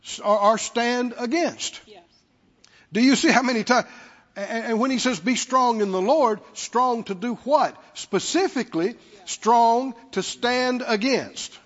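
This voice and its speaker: High-voiced, slow-preaching man in a reverberant hall. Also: a bit bright. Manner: emphatic, repetitive call-and-response with the congregation. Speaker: pastor. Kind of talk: sermon. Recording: dull lo-fi sound with long hall reverb.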